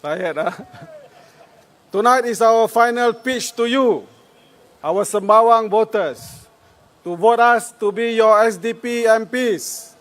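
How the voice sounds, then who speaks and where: A Singaporean man with a very high voice delivers a rousing outdoor campaign speech. He speaks slowly and deliberately, stretching each phrase for effect. His voice carries through a handheld microphone and the PA system. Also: fairly bright tone. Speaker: election candidate. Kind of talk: political rally speech. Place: outdoor rally field.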